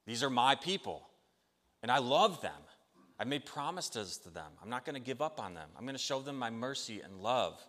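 A man's voice: on the low side, fairly bright tone. A man preaching a sermon in an earnest, conversational way, acting out the people he quotes. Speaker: pastor. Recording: long hall reverb.

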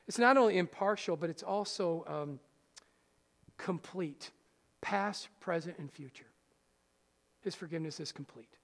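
A man with a high voice preaches a sermon to his congregation. He swings from loud rousing lines to hushed soft ones and keeps asking his listeners questions. The hall rings with a long reverb. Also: a little slow, vocal fry, long pauses. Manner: speaks straight to the congregation with questions. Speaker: pastor. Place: church hall.

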